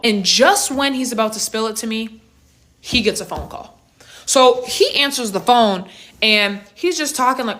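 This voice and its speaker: A woman in her twenties telling a storytime in a slangy, animated way with big reactions. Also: fairly high pitch, normal speed. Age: 20s. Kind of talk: storytime vlog.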